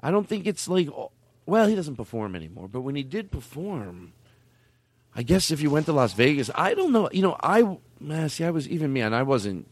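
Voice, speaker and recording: A man's voice: on the high side, big pitch swings, brisk, dry recording. Rambling, laughing male comedy podcast host. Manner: rambling, laughing, swearing, mock outbursts. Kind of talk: casual comedic chat.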